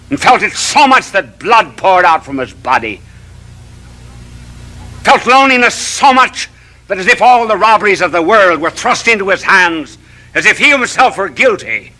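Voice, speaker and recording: A man's voice: high-pitched, sharp tone, low-quality recording. A man, a bishop, giving a televised sermon in a studio, orating through long runs of rhetorical questions.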